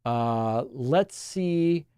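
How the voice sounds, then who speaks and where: A man's voice: medium pitch, extremely slow, smooth, no room sound, clean studio sound. A male host from Argentina, chatting wryly on a livestream and reading out viewer messages. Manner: wry, chatty, animated asides.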